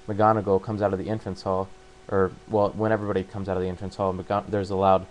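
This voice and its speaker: A man casually retelling a book's plot, halting and full of fillers and restarts. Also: low-pitched, monotone, highs cut off, a little hiss or hum. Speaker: book summarizer.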